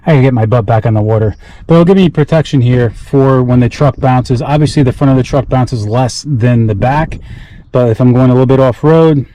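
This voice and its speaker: A man's voice: mid-range voice, dark tone, no echo, rough recording. A man casually walking through a gear install for his vlog, rambling and correcting himself as he works, a bit out of breath. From South Carolina. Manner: rambling, self-correcting, talks while working with his hands. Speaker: outdoor gear vlogger.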